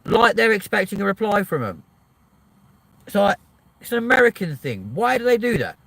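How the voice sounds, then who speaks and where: Middle-aged male host, lively pitch, casual sweary storytelling. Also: normal speed, vocal fry, no echo. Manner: animated, swears freely, acts out both sides of a call. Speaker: livestream host.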